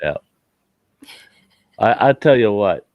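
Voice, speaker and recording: Host, man, lowish voice, rambling storyteller, dull dry recording. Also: sing-song, takes it slowly, dry recording. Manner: rambling storyteller, laughs at his own retellings. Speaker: show host. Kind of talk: casual chat.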